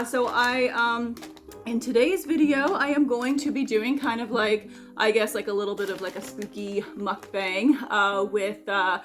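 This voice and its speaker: Young adult woman, casual vlog host, meandering filler-heavy delivery, middle pitch, music bed. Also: fairly bright tone. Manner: rambling, many fillers and restarts. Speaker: vlogger and host. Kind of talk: casual food vlog chat.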